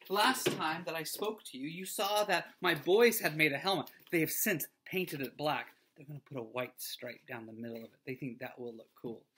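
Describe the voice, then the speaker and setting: Gentle, earnest man giving a children's devotion. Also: fairly high pitch, slightly rough. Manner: gentle, earnest, often dropping to a soft near-whisper. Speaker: school pastor.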